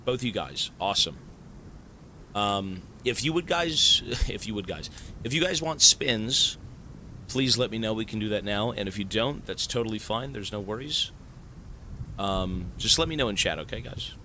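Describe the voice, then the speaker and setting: A man live-streaming a game, thanking viewers in casual chat, excitable and swearing, often shouting in surprise. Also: on the low side, moderate pace, slight background noise. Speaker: Twitch streamer.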